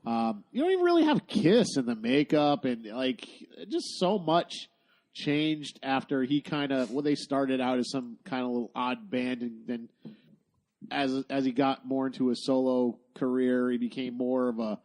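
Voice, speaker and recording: A man's voice: mid-range voice, moderate pace, darkish tone. Man, podcast co-host, casual chat, mid-range voice, trails off mid-thought. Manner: laid-back, trails off searching for words.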